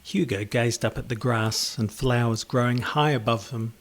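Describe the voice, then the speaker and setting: A man reading a children's picture book aloud in an expressive, theatrical way. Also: mid-range voice, moderate pace. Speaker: storyteller.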